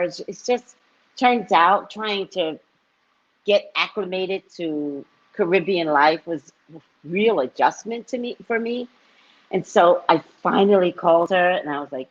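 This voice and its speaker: Woman, husky, lowish voice, animated storyteller, live stream chat, dull lo-fi audio. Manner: animated storyteller, laughs often, acts out quotes. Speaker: psychic reader and vlogger.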